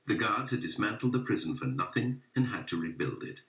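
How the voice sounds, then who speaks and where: A man narrates a documentary in a measured, grave way. His very deep voice moves freely in pitch, and it sits in a roomy echo. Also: sing-song, a bit bright.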